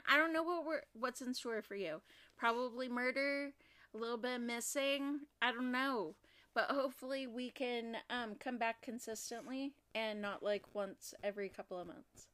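A young woman from Oregon co-hosting a casual true-crime podcast, talking in a halting way with many fillers and restarts. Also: on the high side, fairly bright tone. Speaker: podcast co-host.

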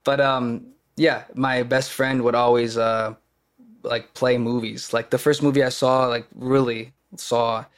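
A young man from Kenosha, Wisconsin, in the US Midwest, speaks in a clean, mid-range voice with a level tone, a little slowly. He's an actor appearing as a podcast guest, chatting casually and rambling with lots of fillers and restarts.

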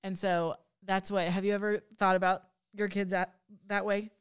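A woman's voice: medium pitch, little pitch movement, normal speed, clean tone. A woman hosting a casual podcast interview, chatty and laughing often, with frequent restarts. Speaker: podcast host.

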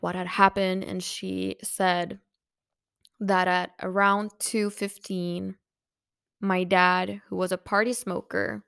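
A young woman recounts a painful personal story on her podcast. Her voice is medium in pitch with a gravelly, fry-heavy edge. It is recorded dry and close, with no room around it. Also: a bit bright, dry recording. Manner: emotional, many "like" fillers. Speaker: podcast host.

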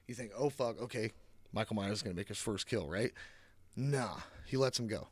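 A man's voice: on the low side, moderate pace, slightly rough, no room sound. A man giving a casual, rambling movie recap, swearing often, sarcastic and full of fillers, on a close mic. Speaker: movie reviewer.

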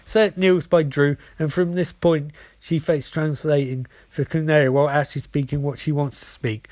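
A man reading a screenplay aloud, stage directions included, with frequent slips. His voice sits a little high. The recording is dry, with no room sound. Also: fairly even intonation, normal speed, few pauses, a little mellow, no room sound. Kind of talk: screenplay read-through.

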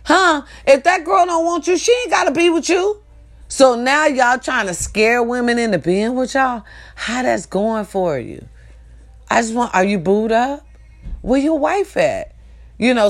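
A woman rants in a comic, scolding tone, swearing freely as she lectures her listeners. Her voice sits a little high and swings widely as she drives her points home, loud and animated. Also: a little slow. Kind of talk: comedic rant.

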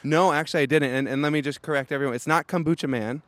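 A man's voice: a little high, fairly even intonation, fast talker, fairly bright tone. A man who owns a drinks company, talking in a laid-back, breezy way. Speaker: beverage company owner.

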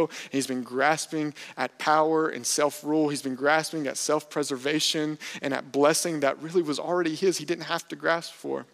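A man's voice: mid-range voice, a bit bright, long reverb tail. A man preaching a sermon as pastor, earnest and building to impassioned emphasis.

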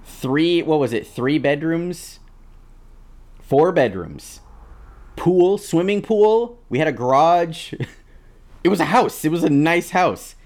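A man in his thirties co-hosting a podcast, talking in a casual, rambling way with halting restarts. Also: on the high side, expressive. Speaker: podcast co-host.

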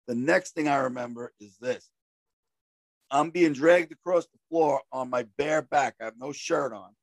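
A man telling a story in casual talk with a friend, animated and acting out shouted quotes. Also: mid-range voice, normal speed, dry recording.

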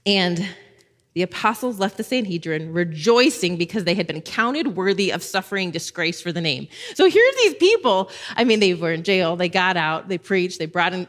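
A woman in her thirties teaching a Bible passage in a casual, animated way, acting out the people in the story and laughing easily. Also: fairly low pitch, moderate pace.

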